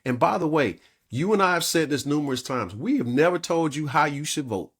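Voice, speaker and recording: A man's voice: on the high side, animated, a little fast, a bit bright, husky. A man co-hosting a community talk show, speaking in an earnest, persuasive way and often checking in with "all right?". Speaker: co-host. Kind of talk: talk radio discussion.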